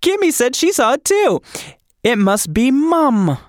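A man putting on a shrill Cockney grandma. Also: sing-song, measured pace, a bit bright, clean tone, no room sound, studio quality, full character voice. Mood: alarmed. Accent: attempted Cockney. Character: older grandmother with a put-on Cockney accent, brusque.

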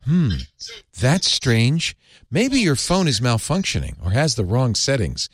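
A man's voice: mid-range voice, a little slow, breathy edge, dry recording, studio quality. A man hosting a casual talk show, playfully reading chatbot replies aloud with mock seriousness. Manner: animated, playful, reads out texts with mock gravity. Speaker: podcast host.

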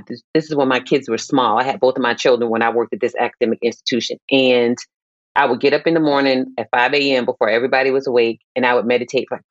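A woman's voice: extremely low pitch, no room sound. Middle-aged woman, guest expert, impassioned and preacherly, dull close recording. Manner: passionate, emphatic, preacherly rises. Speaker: guest psychologist. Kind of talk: heartfelt podcast conversation.

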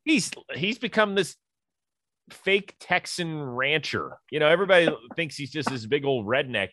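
A man's voice: fairly high pitch, lively intonation, normal speed, sharp tone, dry recording, clean studio sound. A man hosting a casual interview, chatty and teasing his guest. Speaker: interview host. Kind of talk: casual chat.

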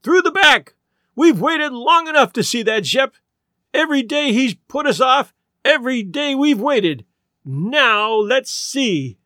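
Storybook part: small, fiery old woman, a man doing the voice, shrill and indignant, high and loud. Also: lively intonation, moderate pace, hardly any pauses, clear, resonant tone, no echo, studio quality, exaggerated voice.

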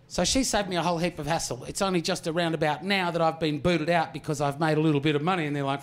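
High-voiced Australian comedian in his forties. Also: fairly even intonation, fast, hardly any pauses. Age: 40s. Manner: swearing, loose storytelling with audience asides. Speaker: stand-up comedian. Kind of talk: stand-up comedy routine with crowd work.

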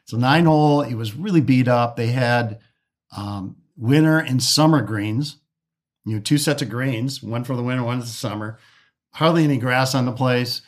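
A man's voice: mid-range voice, normal speed. A man from the Detroit area, a golf course architect, telling stories in a casual interview, often restarting and acting out quoted dialogue.

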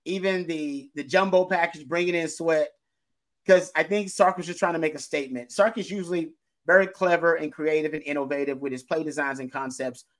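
A man co-hosting a football podcast, talking in an emphatic, animated way and laughing easily. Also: fairly high pitch, a little fast. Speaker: podcast co-host, football analyst. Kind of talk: casual sports talk.

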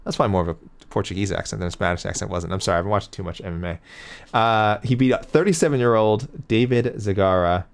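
A man with a slightly low voice hosts a fight talk show and reads through viewer picks. He rambles, corrects himself as he goes and chuckles along the way. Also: quick pace, gravelly, clean tone. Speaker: MMA show host reading viewer picks. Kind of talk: casual chat.

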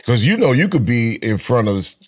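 A man's voice: mid-range voice, sing-song, quick pace, no echo, studio quality. A middle-aged man, a veteran rapper as guest, talking in an emphatic storytelling way with many restarts. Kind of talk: casual conversation.

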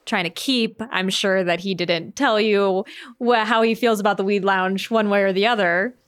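A woman's voice: mid-range voice, steady tone, normal speed, smooth. A woman co-hosting a casual discussion, summing up points in a conversational way.

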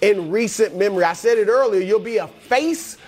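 A man's voice: high-pitched, normal speed, a little mellow, soft background music. A man co-hosting a sports talk show, delivering a hyped-up motivational list straight to the players. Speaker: co-host.

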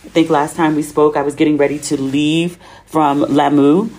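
A woman's voice: sits low, little pitch movement, moderate pace, darkish tone. An American woman hosting her own podcast, telling travel stories in a chatty, slangy way and acting out the dialogue. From United States. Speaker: podcast host. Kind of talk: casual solo podcast monologue.

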